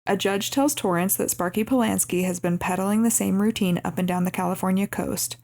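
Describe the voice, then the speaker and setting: A young woman co-hosting a podcast who recaps a movie casually and acts out the quoted lines with lively changes of voice. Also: medium pitch, fairly quick, gravelly. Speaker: podcast co-host.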